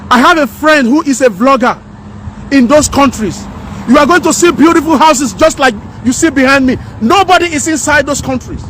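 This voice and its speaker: A woman's voice: sits high, brisk, slight background noise. Fiery woman vlogging outdoors. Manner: fiery, preachy, repeats lines for emphasis. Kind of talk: impassioned opinion vlog. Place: outdoors by houses.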